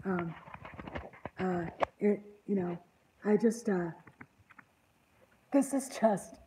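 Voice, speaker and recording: A woman's voice: mid-range voice, drawn-out words, dark tone, a little hiss or hum, rough recording. A woman hosting an online channel, rambling in casual panel chat with an exasperated, indignant tone.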